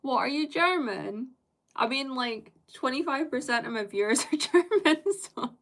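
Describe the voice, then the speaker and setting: British woman streamer, bright higher voice, rambling casual chatter with viewers, laughs easily. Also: lively intonation, moderate pace. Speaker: live streamer. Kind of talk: casual live-stream chat answering viewers.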